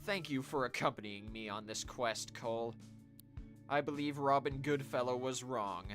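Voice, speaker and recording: A man voicing a determined young woman companion, reading her lines in an earnest, measured way. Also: medium pitch, music in the background, close to an everyday voice.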